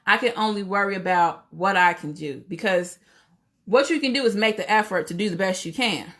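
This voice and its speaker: A woman's voice: medium pitch, fairly quick, fairly bright tone. A woman hosting a casual livestream, opinionated and full of rhetorical questions, greeting viewers as she talks. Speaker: livestream host.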